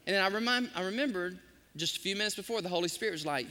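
In this sermon, a man tells stories from the pulpit and acts out what the people in them say, all with great animation. His high voice moves quickly, trailed by a long reverb tail.

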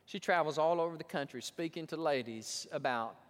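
A man preaching a sermon as pastor, telling a story with animated asides and acting out the voices he quotes. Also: a little high, fairly quick. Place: church sanctuary. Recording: long church hall reverb.

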